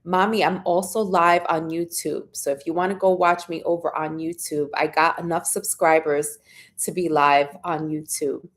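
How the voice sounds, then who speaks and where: A woman hosting a casual live stream, chatting and greeting viewers by name, with sudden high squeals of excitement. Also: normal speed.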